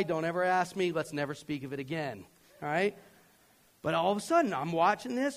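A middle-aged pastor tells a story from the pulpit in a slightly high, lively voice. He talks to the room like a friend and keeps checking that they are following. He lurches from loud bursts to hushed admissions. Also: brisk. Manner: conversational and self-deprecating, often checking in with the listeners; swings from loud, animated outbursts to low, quiet confession. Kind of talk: storytelling sermon.

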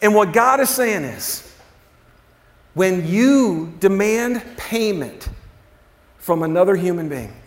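A man with a notably high speaking voice preaches to his congregation in a loose, chatty way. He asks them questions and drops into casual slang. At times he falls to a near-hush to drive a point home. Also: animated, takes it slowly, long pauses. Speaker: pastor. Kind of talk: sermon.

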